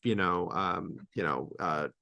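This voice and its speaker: A man's voice: low-pitched, measured pace, creaky, bright, forceful tone. A man co-hosting a podcast, talking casually about a film, with trailing phrases and lots of fillers. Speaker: podcast co-host.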